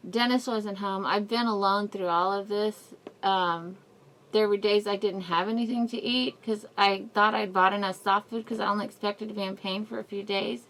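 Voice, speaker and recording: A woman's voice: medium pitch, fairly even intonation, normal speed, fairly bright tone. A woman vlogging a personal update, rambling and apologetic, in pain and near tears. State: in mouth pain, crying at times. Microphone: camera mic, wearing a face mask.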